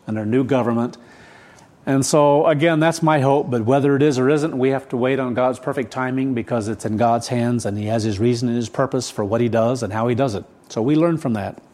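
A man in his seventies preaching a sermon, rushed and rambling with frequent restarts, keyed up and hurried. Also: mid-range voice, a little mellow. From United States. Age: 70s. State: adrenaline-charged, hurried. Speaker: pastor. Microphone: camera set up for recorded service.

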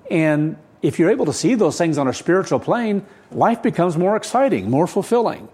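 A man in his seventies preaching a sermon, rushed and rambling with frequent restarts, keyed up and hurried. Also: high-pitched, sing-song, mellow, husky. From United States. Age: 70s. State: adrenaline-charged, hurried. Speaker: pastor. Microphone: camera set up for recorded service.

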